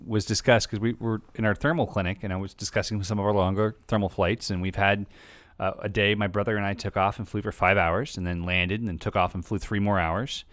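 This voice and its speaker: A man's voice: lowish voice, steady tone, fairly quick, a bit bright. A man hosting a livestream, reading viewer questions aloud and telling jokey, rambling stories. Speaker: livestream host. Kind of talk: casual livestream Q&A.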